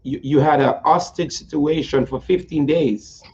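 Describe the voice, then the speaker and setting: A man's voice: a little high, fairly even intonation, moderate pace, a little mellow. Effusive, playful male host on a slightly muffled line. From United States. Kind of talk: interview talk show.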